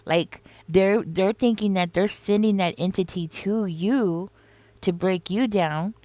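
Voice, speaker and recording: Slow and dark in tone, a woman's mid-range voice delivers a casual tarot reading in a dry recording. She confides in the listener directly, rambling along with plenty of "you know" and "like."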